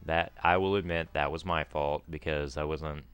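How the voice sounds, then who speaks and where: A man's voice: extremely low pitch, steady tone, normal speed, a bit bright, smooth, dry recording. A man hosting a let's play, chatting casually and rambling through trivia while he plays, and yelping when he fails. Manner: yelps when failing in the game. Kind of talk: casual gameplay commentary.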